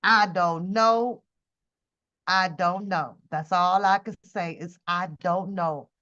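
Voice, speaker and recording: Slow, drawling woman with muffled audio. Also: fairly low pitch, steady tone, pushed and bright. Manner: drawling, profane, mocking, laughs often. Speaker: reaction channel host. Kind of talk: casual livestream commentary. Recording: dull lo-fi home stream audio.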